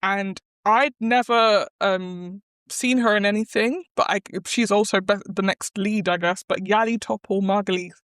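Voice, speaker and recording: A woman's voice: medium pitch, fairly even intonation, moderate pace, hardly any pauses, fairly bright tone, clear, resonant tone, no room sound, clean studio sound. Blunt, jokey woman podcast co-host. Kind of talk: casual chat.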